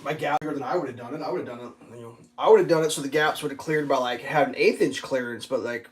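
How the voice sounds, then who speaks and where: A man's voice: medium pitch, fast talker, slight background noise. A man ranting casually in a vlog about installing parts on his vehicle, frustrated and swearing often, with lots of filler words. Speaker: vlogger working on his off-road vehicle.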